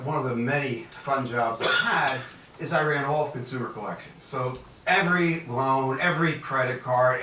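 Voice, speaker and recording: Animated man from Newark giving a keynote. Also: medium pitch, roomy sound, recorded from a distance, a little hiss or hum, low-quality recording. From Newark, New Jersey. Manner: animated storyteller acting out dialogue. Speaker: guest speaker. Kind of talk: motivational leadership keynote.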